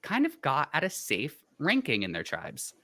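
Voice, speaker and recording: A man co-hosting a podcast, talking in animated bursts in casual discussion. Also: a little high, normal speed, dry recording. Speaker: podcast co-host.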